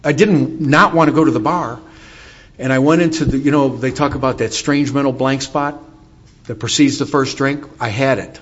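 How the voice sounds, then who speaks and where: A man's voice: medium pitch, lo-fi sound. A middle-aged man telling his recovery story to an audience, candid and wry as he speaks.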